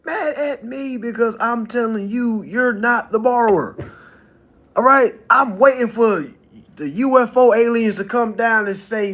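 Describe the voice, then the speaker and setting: A man hosting a casual livestream monologue who talks in an animated way, laughs often and repeats himself. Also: very high-pitched, a little slow. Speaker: livestream host.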